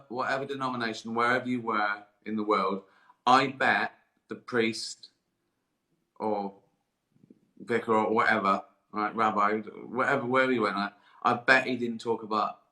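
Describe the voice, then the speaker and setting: Giggly, tired man riffing in an echoey room. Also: on the low side. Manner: giggling, swearing, deadpan asides. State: hot and tired. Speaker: comedian hosting a live stream. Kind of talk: rambling comic monologue. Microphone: live-stream camera mic. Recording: roomy echo.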